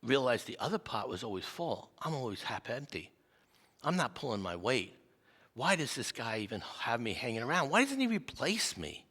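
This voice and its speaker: A man voicing a timid cracked clay pot that feels worthless, talking quietly and with self-pity, in a hall with long reverb. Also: medium pitch, sing-song, moderate pace. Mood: dejected.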